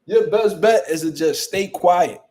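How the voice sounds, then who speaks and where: A man's voice: high voice, unhurried, darkish tone. A young man hosting a boxing channel, chatting casually on a livestream in a boastful, profane, rambling way.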